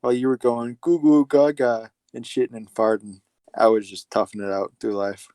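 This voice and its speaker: A young man co-hosting a casual podcast, joking in a deadpan way. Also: mid-range voice, normal speed, no room sound. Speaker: podcast co-host. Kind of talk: casual chat.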